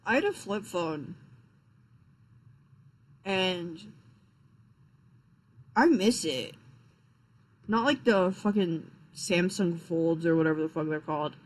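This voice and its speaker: A man's voice: high voice, poor audio. Rambling, profane young male streamer. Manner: rambling, profane, frequent fillers and restarts. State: tired, yawning. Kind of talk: casual live-stream chat.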